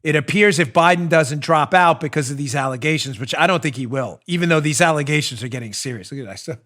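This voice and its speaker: A man hosting a political talk show, animated and mocking, often breaking into laughter. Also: fairly high pitch, fast talker. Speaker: host.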